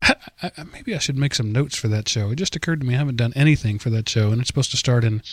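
A man's voice: medium pitch, rapid-fire, no echo, studio quality. A man with a Southern US accent hosting a casual podcast, rambling and self-deprecating, talking in a stream of consciousness. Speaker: podcast host.

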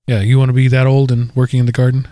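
A man co-hosting a casual podcast, telling stories in an animated, chatty way. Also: medium pitch, racing, no room sound, clean studio sound. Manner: animated storyteller, lively delivery. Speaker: podcast co-host. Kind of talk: casual chat.

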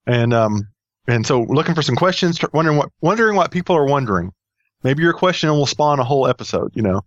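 A man's voice: medium pitch, lively intonation, fast talker, no echo, dull audio. A man hosting a casual podcast, rambling and joking with many fillers. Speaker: podcast host.

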